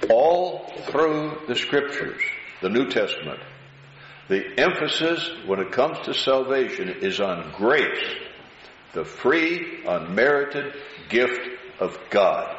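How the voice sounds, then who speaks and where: A man preaching a sermon slowly and deliberately, drawing out words for emphasis. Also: medium pitch, sing-song, a bit bright. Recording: roomy, dull hall recording with faint hiss.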